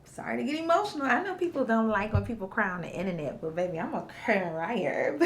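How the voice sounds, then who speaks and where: A woman's voice: mid-range voice, animated, fairly quick, hardly any pauses, slight background noise. A woman in her thirties, chatting candidly at home to camera about her business launch with a Southern-style casual way of talking. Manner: chatty and candid, Southern slang, emotional and grateful. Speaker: small business owner vlogging a product launch. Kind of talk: casual vlog chat to camera.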